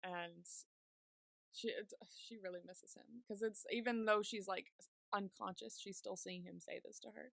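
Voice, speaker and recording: Young woman chatting thru a show recap, says like a lot, bit of vocal fry, super dry audio. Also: medium pitch, fairly even intonation, a little slow, fairly bright tone, no room sound. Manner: chatty, many "like" fillers while retelling scenes. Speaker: podcast co-host. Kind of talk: casual episode recap.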